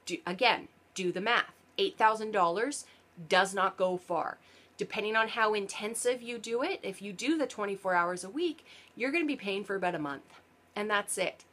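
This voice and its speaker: A woman talks to camera in a casual explainer vlog. Her voice sits at an ordinary middle pitch. She explains earnestly, turns sarcastic at times, and often backs up to fix her wording. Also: normal speed, fairly bright tone. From Canada. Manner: sarcastic, earnest explaining with frequent self-corrections. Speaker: parent and vlogger.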